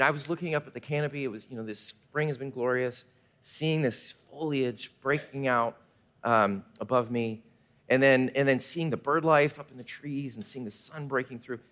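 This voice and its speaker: A male pastor preaching a sermon in an animated way, sometimes dropping to a hush. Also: medium pitch. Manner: animated preaching, drops to a hush for quiet moments.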